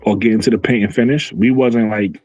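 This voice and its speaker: A man's voice: lowish voice, steady tone, a little fast, a little mellow, no echo, highs cut off. A man doing casual livestream commentary on women's basketball, arguing his point with viewers and answering chat comments, repeating himself as he goes.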